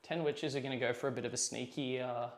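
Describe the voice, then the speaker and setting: A man's voice: medium pitch, steady tone, fast talker. A man playing a tabletop wargame and joking with friends in casual chat. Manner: joking, playful banter. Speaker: wargaming player and host.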